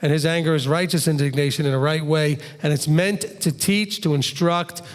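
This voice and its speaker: A man teaching the Bible in a conversational question-and-answer session, animated, acting out quotes and asking rhetorical questions. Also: on the high side, normal speed. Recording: long hall reverb.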